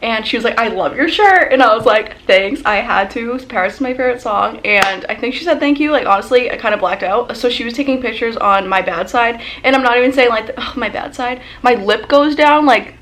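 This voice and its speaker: Fast-talking young woman gushing a storytime. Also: a little high. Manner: excited fangirl gushing, lots of "like". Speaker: vlogger. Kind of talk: casual storytime.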